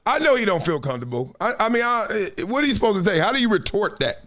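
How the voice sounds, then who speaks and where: A middle-aged man hosting a live sports talk show, animated and emphatic, often laughing. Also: sits high, quick pace. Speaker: host.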